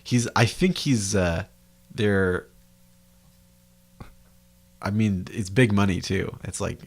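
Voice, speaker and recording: A man's voice: on the low side, slow. A man co-hosting a podcast in casual chat, joking and laughing a lot. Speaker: podcast co-host.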